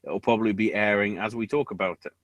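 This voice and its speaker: A man co-hosting a podcast in casual chat, swearing often and bursting into excited outbursts. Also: lowish voice, fast, no room sound. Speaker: podcast co-host.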